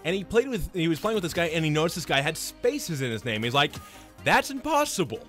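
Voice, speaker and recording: A man streaming a game, chatting casually and rambling through animated stories with lots of restarts. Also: fairly high pitch, quick pace, faint music behind. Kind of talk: casual chat while gaming.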